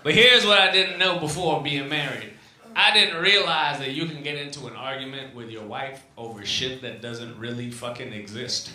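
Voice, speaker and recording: A man doing a stand-up routine, animated and profane, swinging from shouting to muttering, recorded in an echoey club room with ambience. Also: mid-range voice, moderate pace, slight background noise. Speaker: stand-up comedian.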